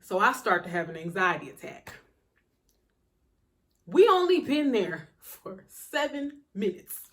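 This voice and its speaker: A young woman telling a personal story in a casual, slangy, animated way in a storytime vlog. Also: mid-range voice, measured pace, pauses often. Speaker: vlogger.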